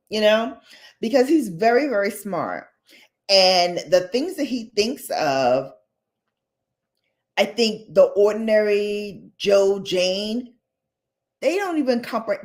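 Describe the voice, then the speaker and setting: A woman vlogger in casual, gossipy chat, talking straight to her viewers with playful asides. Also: mid-range voice. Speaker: beauty vlogger.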